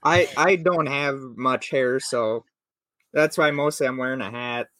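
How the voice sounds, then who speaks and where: A man's voice: mid-range voice, a little slow, fairly bright tone, no room sound. A man in his late twenties from Minnesota with a Minnesota accent, hosting a podcast interview over a video call and rambling with many fillers. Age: 20s. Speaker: podcast host.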